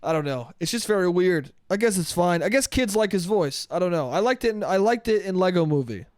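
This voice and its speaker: Profane, rambling podcast guy, slightly high voice. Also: expressive, brisk, no room sound, clean studio sound. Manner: profane, rambling, says "dude" a lot. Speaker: podcast host. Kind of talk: solo comedic podcast rant.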